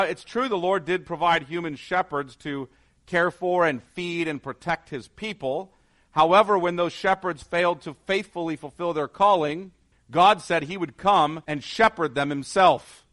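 A man preaching as a pastor, earnest, asking rhetorical questions and moving between soft, low passages and emphatic ones. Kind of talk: sermon.

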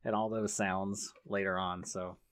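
A man's voice: deep voice, level tone, measured pace, fairly bright tone. A man hosting a video game podcast in casual chat, rambling and joking with his co-hosts and laughing often. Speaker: podcast host.

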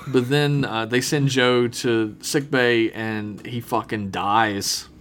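A man co-hosting a podcast, joking through a recap and acting out characters in quick asides. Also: medium pitch, fairly even intonation, fairly bright tone, slight background noise. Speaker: podcast co-host. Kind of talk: casual comedic recap chat.

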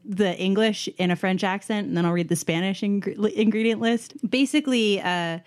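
A woman's voice: medium pitch, normal speed, darkish tone. A woman co-hosting a tabletop game podcast, casually chatting and reading out listener questions. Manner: easygoing, light laughs, reads questions aloud.

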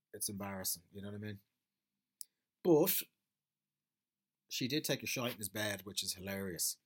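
A man riffing through a comedic monologue, swearing freely and wandering off on tangents. His voice sits at an ordinary middle pitch. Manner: profane, rambling storyteller.

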